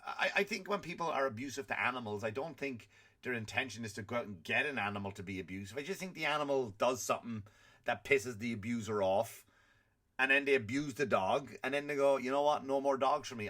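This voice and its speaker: A man's voice: mid-range voice, fairly quick, a bit bright. A middle-aged man hosting a comedy podcast, ranting in an exasperated, profane way and acting out quotes. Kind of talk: comic rant.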